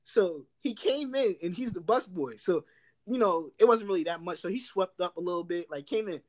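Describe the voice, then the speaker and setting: A young man telling workplace stories in casual chat, animated and laughing, loudly acting out what others said. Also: high voice, normal speed. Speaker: storyteller.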